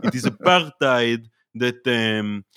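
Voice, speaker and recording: A man's voice: mid-range voice, slow pace, pushed and bright, smooth, dry recording, studio quality. A man in his twenties putting on a mock Israeli accent, hesitant and full of fillers. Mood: mock-earnest. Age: 20s.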